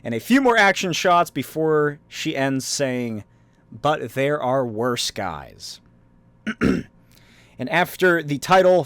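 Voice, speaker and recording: A man's voice: on the high side, fairly bright tone, dry recording. Rambling, chuckling man hosting a podcast. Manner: rambling, chuckling, lots of filler words. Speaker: podcast host. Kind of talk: casual solo podcast talk.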